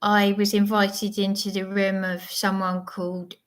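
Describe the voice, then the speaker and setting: A woman's voice: mid-range voice, little pitch movement, a little slow. A woman, hosting an unscripted livestream monologue, rambling and digressive with many restarts. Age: 30s. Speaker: livestream host.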